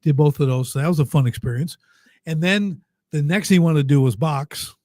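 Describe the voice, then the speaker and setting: Upbeat storyteller man, mellow tone. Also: fairly high pitch, brisk, no room sound, studio quality. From United States. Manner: lively, emphatic storyteller who gets choked up. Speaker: podcast guest, business coach. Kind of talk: casual storytelling in an interview.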